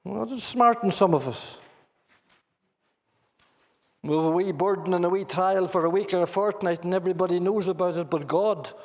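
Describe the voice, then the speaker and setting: A man's voice: high-pitched, normal speed, pauses often. A man with a Northern Irish accent preaching a sermon in a church meeting hall, earnestly putting questions to his listeners.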